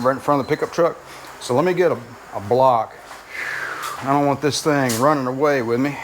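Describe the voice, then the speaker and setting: A man hosting a garage vlog, rambling in a folksy, self-deprecating way while working in his home garage and driveway. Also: mid-range voice. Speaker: garage channel host. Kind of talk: casual workshop vlog narration. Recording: noisy garage recording with clanking.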